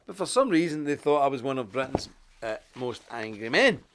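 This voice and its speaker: An Ulster-accented man hosting a live show, talking in a chatty, rambling way with frequent chuckles. His voice sits a touch high for a man. His pitch rises and falls a lot. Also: fairly quick. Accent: Ulster Scots. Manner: animated, chatty, chuckles often. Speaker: host.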